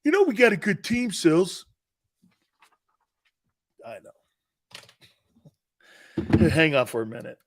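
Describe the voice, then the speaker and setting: Animated, laughing sports talk host. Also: male voice, fairly high pitch, takes it slowly, pauses often. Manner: animated, teasing, laughs often, mock apologies. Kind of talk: live sports talk show, reading viewer comments.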